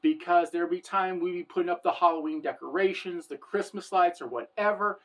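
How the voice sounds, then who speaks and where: A woman's voice: fairly low pitch, brisk. Earnest woman in her forties, storytelling. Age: 40s. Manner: earnest, heartfelt, repeats "for the record". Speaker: vlogger. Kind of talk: personal storytelling monologue.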